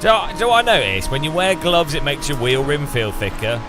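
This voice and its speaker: A man's voice: a little high, expressive, normal speed, over music. A man joking through live racing-game commentary, greeting chat and poking fun at himself. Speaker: gaming streamer.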